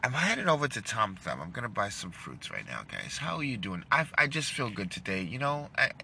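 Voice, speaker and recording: A man's voice: fairly low pitch, brisk, gravelly. A man chatting casually to his viewers, telling a story and acting out the voices of the people in it. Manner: storytelling, acts out quoted voices, animated. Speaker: vlogger. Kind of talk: casual chat to camera. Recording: loud traffic noise outdoors.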